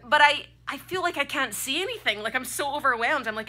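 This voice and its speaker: A woman's voice: fairly high pitch, brisk, hardly any pauses, sharp tone. A Scottish woman around thirty performing a personal story live on a club stage, with a vivid, comic, dramatic delivery. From Scotland.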